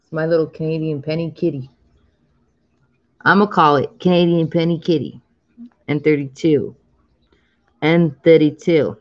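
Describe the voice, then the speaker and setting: A woman's voice: low voice, fairly even intonation, measured pace, pauses often, highs cut off. A woman in her thirties chatting casually on a live stream while scratching lottery tickets, drawing out the numbers she calls and laughing often.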